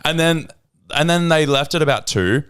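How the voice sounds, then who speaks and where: A man's voice: on the high side, normal speed, clear, resonant tone. A man, co-hosting a podcast and telling stories in casual chat, acting out quotes in a raised voice. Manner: animated storyteller, acts out quotes in a raised voice. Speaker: podcast co-host.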